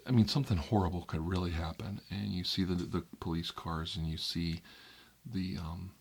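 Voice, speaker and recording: Low, husky man ranting softly. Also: fairly even intonation, moderate pace. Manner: conversational, wry, drifting between soft whispers and emphatic outbursts. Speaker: ASMR channel host. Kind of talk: soft-spoken ASMR rant about news media.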